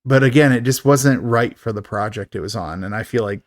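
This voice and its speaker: A man hosting a casual movie review podcast, chatty and quick to laugh, with many fillers. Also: medium pitch, dry recording, studio quality. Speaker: podcast host.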